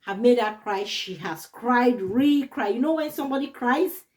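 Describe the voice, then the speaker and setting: A woman's voice: fairly high pitch, expressive, normal speed, darkish tone. A young adult woman vlogger telling a personal story to her viewers in a casual way, laughing often and repeating words for emphasis. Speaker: YouTube vlogger.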